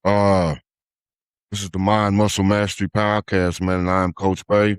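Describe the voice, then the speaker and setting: A man's voice: low-pitched, little pitch movement, moderate pace, clear, resonant tone, dry recording, studio quality. A man hosting a podcast as a life coach, talking casually and tagging "man" onto nearly every phrase, with lots of "uh" fillers. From United States.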